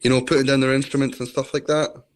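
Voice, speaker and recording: A man's voice: mid-range voice, flat delivery, quick pace. A Scottish man from Scotland, chatting as an interview guest on a video call, telling rambling stories. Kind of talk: casual chat.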